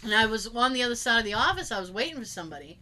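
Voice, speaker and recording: Rapid-fire and a little high, a woman tells work stories in casual conversation, animatedly voicing what her coworkers said. Slight background noise is present.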